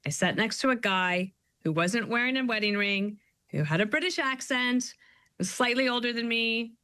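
A woman in her fifties, a guest author, telling stories in an animated, quick way during an interview. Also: fairly high pitch, no room sound. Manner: quick, animated storytelling with quoted asides. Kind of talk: interview conversation.

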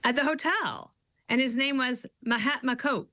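A woman's voice: high-pitched, normal speed, bright, forceful tone, no room sound. A woman guest author talking in a casual interview, chatty and upbeat, telling stories with playful quoted voices.

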